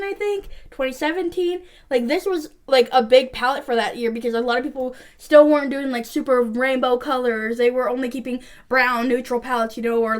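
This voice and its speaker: A young woman vlogger chatting casually through a makeup review, rambling with lots of fillers. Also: high voice. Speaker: beauty vlogger.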